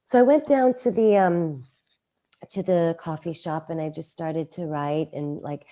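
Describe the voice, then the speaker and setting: A middle-aged woman telling a personal story in a casual interview, animated and acting out quoted lines. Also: measured pace. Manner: animated, acts out quoted lines with raised pitch. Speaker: guest.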